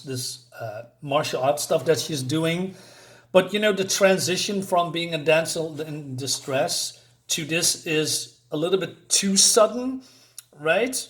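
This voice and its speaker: Male comic reviewer, casual and rambling, full of fillers and restarts, somewhat high voice. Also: fairly bright tone.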